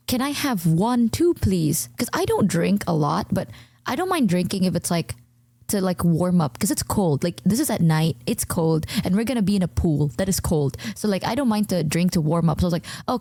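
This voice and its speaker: A young woman streamer, not a native English speaker, telling a rambling, animated story in casual chat with many fillers. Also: no room sound, clean studio sound. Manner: rambling, animated, full of fillers, jumps high when telling stories.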